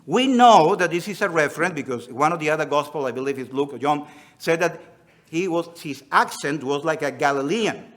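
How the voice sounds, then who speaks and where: A man's voice: on the high side, expressive, a little fast, a bit bright. A man with a Spanish accent mixed with Australian, preaching a sermon. He reads scripture aloud and acts out the quotes in an earnest way. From Spanish-speaking country.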